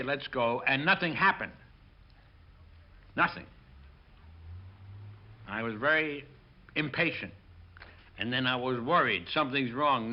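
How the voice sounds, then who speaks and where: Older man telling film stories, lo-fi. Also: medium pitch. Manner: lively storyteller acting out quotes. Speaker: film director. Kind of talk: interview recollection.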